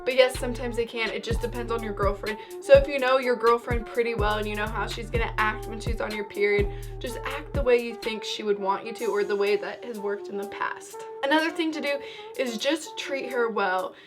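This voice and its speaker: A woman's voice: a little high, fairly quick, over music. A young woman casually giving advice in a chatty, rambling vlog, a little out of breath. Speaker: vlogger.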